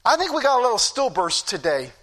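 A man's voice: very high-pitched, very animated, quick pace, fairly bright tone. A middle-aged man preaching a fervent sermon, repeating phrases for emphasis.

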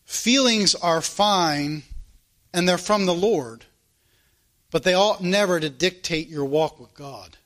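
A man's voice: sits high, expressive, takes it slowly, fairly bright tone. A man preaching a sermon, folksy and emphatic, reading scripture aloud and acting out the people in the story. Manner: folksy, acts out Bible characters, emphatic.

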